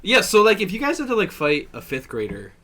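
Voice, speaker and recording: A man's voice: high voice, wildly swooping pitch, a little fast, crowd noise. A young man co-hosting a podcast in casual chat, rambling and profane with a jokey manner. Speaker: podcast co-host.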